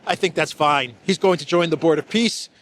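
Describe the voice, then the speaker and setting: A man's voice: fairly high pitch, normal speed, a bit bright, a little hiss or hum, lightly acted. A man doing a breezy, boastful president impression. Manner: exaggerated, chuckling, breezy. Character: mocking impression of a boastful older male president.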